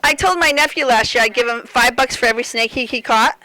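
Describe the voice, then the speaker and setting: A middle-aged woman runs a live sewing seminar, with a high voice that is bright and sharp. She jokes with the audience and drifts into chatty stories. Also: fast, rough recording. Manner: joking, rambling storyteller talking to the audience.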